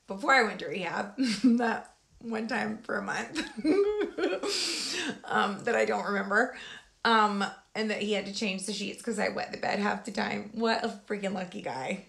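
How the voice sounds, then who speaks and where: A woman chatting casually with her viewers about her recovery, digressive and quick to laugh, with sudden animated outbursts. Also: medium pitch, vocal fry. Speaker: vlogger sharing her recovery story. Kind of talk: casual live chat with viewers.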